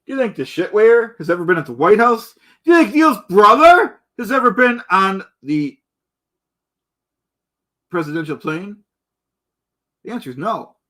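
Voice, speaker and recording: A man's voice: sits high, very animated, normal speed, long pauses, fairly bright tone. A man in a rambling comedic rant, indignant and boastful, calling himself the Duke and stumbling over repeated words. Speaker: comedic ranter.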